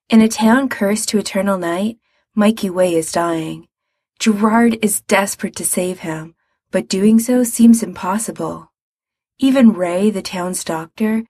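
Woman audiobook reader, measured, husky and gravelly. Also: medium pitch, a little mellow, no room sound. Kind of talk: storybook narration.

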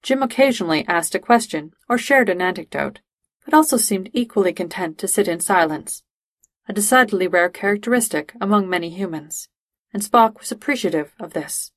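Woman reading a fanfic out loud, steady and measured, mid pitch, dry audio. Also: no room sound. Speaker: reader. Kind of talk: reading fan fiction aloud.

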